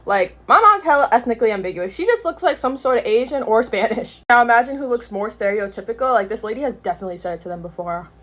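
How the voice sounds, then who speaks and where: A woman in her twenties telling stories to camera in a casual, animated way, often breaking into laughter and using slang. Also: on the high side, fast talker, few pauses, a little hiss or hum. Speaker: storytime vlogger. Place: New York City.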